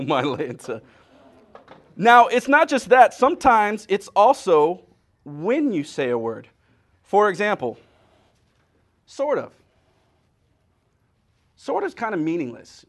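A man with a fairly high voice delivers a lighthearted sermon. He is middle-aged and animated, jumping between jokes and stories built on wordplay. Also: normal speed. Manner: animated storytelling with playful wordplay. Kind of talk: humorous sermon.

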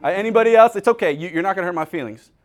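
Rapid-fire and high-voiced, this pastor gives a humorous, chatty sermon, addressing his congregation directly. He tells stories with lots of animation, acting out small scenes as he goes.

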